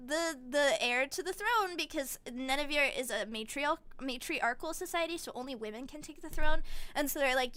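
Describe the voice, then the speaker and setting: A young woman streamer chatting casually, retelling things in an animated way with quick little voices and giggles. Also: high voice, no echo. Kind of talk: casual chat.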